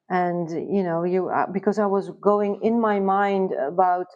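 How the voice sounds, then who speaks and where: A woman's voice: on the low side, measured pace, darkish tone. A woman as a podcast guest, talking compassionately and acting out her own past thoughts. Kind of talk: casual conversational reflection. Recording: dull lo-fi recording.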